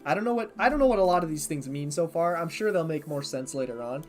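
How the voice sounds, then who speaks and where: A streamer playing a game for the first time, reading the on-screen text aloud and thinking out loud, sometimes tripping over unfamiliar words. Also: medium pitch, expressive, fast talker, soft background music. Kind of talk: casual let's-play commentary.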